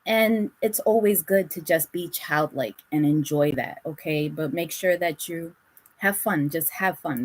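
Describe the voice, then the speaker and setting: A woman's voice: sits low, breathy edge, rough recording. A woman giving a casual tarot reading, blunt and full of swearing, and she laughs often. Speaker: tarot reader.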